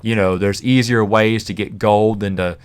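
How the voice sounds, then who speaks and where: A man's voice: fairly low pitch, steady tone, moderate pace, clear, resonant tone. A man hosting a podcast, casually reviewing a novel in a rambling, chatty way with fillers and the odd chuckle. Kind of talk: casual spoken book review.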